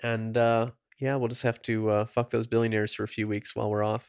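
A man's voice: lowish voice, level tone, brisk, darkish tone, smooth, dry recording, studio quality. A man co-hosting a nerdy podcast, chatting casually and swearing freely. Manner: laid-back, swears casually. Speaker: podcast co-host. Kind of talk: casual chat.

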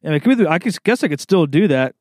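Laid-back young man, slightly higher voice. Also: sing-song, quick pace, darkish tone, dry recording, studio quality. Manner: laid-back, rambling, peppers talk with "man" and "dude". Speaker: podcast host. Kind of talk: casual solo chat.

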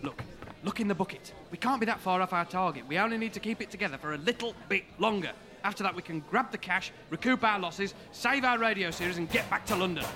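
A man's voice: high-pitched, sharp tone, soft background music. A man playing a flustered young schemer who talks in a hurry. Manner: flustered, hurried.

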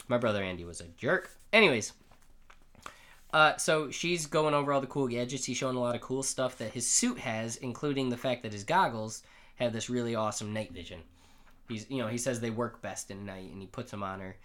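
A man co-hosting a casual podcast chat, excitable, his voice climbing when he gets worked up, with a slight lisp from dental aligner trays. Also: medium pitch, quick pace. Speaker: podcast co-host. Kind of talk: casual chat recapping a comic.

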